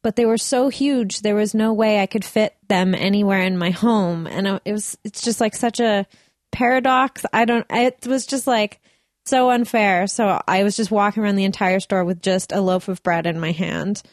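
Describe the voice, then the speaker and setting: A woman's voice: medium pitch, normal speed, dry recording, clean studio sound. Laughing, chatty woman. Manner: animated storyteller, laughs often. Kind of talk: casual chat.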